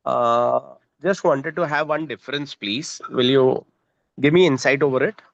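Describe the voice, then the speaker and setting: A man's voice: mid-range voice, unhurried, vocal fry, dry recording. A man asks questions through a remote call, the sound dull, dry and lo-fi. He is very polite and formal, addressing the speaker respectfully and thanking her again and again. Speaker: audience member asking questions.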